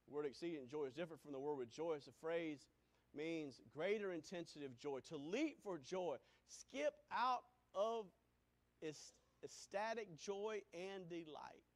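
A man preaching a sermon, swinging from booming exclamations to hushed lines and breaking into sung hymn phrases. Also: animated, unhurried.

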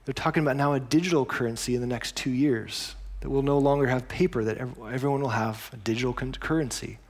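A man's voice: mid-range voice, steady tone, fast. A man preaching a sermon as pastor, telling stories in a conversational way with explanatory asides.

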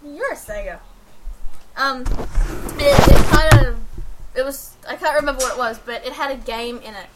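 A woman's voice: high-pitched, normal speed, long pauses, heavy background noise. A woman chatting casually about video games, giggly and rambling with many hesitations.

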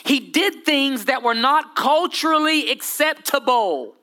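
Pastor guy preaching, bright punchy voice, jokes around, drops to a whisper then booms. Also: a little slow. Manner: lively preaching with humor and dramatic voice drops. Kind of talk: sermon.

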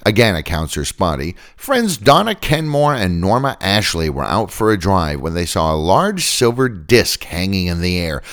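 Deep-voiced man narrating, swooping delivery. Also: fairly bright tone. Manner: storytelling with dry asides. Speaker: podcast host. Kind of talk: scripted podcast narration.

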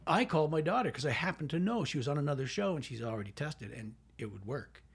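A middle-aged man with a gruff manner, recounting a set story in casual chat. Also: a little high, expressive, fast talker.

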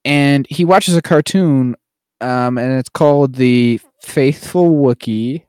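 A man's voice: medium pitch, slow pace, a little mellow, clear, resonant tone, dry recording, clean studio sound. A man co-hosting a podcast in casual chat, rambling and filler-heavy, now and then dropping into playful mock voices. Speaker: podcast co-host.

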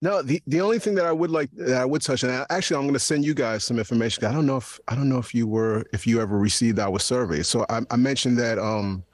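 A man in a casual podcast discussion, speaking in a halting way and often repeating words as he works out his point. His voice sits at an ordinary middle pitch. The sound is dry and close, with no room echo. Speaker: podcaster and guest.

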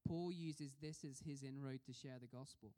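A man's voice: medium pitch, moderate pace, mellow. A man preaching a sermon in a conversational way, putting questions to the congregation. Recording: long reverb of a hall.

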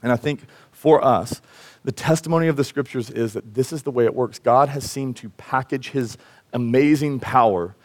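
A man, a pastor, preaching a sermon in a casual, animated way and acting out Bible figures in everyday voices. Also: medium pitch, moderate pace.

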